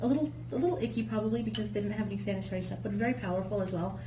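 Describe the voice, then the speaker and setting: A woman guest telling myths in casual, colloquial chat, with a lively storyteller's manner. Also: medium pitch, very fast. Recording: echoey room with faint hum.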